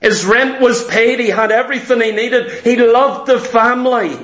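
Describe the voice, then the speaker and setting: High-voiced preacher in an echoey hall. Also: male voice, moderate pace, a bit bright. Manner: storytelling, repetitive, emphatic. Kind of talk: sermon.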